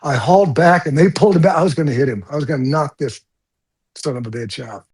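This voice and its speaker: Older man, husky, stunt coordinator, blunt and profane storyteller, interview. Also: on the high side, quick pace. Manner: blunt, animated, swears freely.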